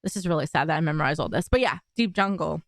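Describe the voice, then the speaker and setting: A woman's voice: deep voice, expressive, quick pace, no echo, clean studio sound. A young woman hosting a casual interview, upbeat and teasing. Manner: upbeat, teasing, laughs often. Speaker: host.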